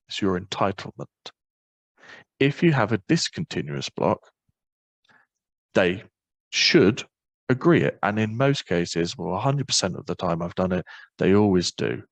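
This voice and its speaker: Northern Irish male presenter, low voice, brisk informal webinar delivery, dry mic. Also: no room sound, low-quality recording. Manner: quick, informal explaining with many fillers. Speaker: webinar presenter on parental leave.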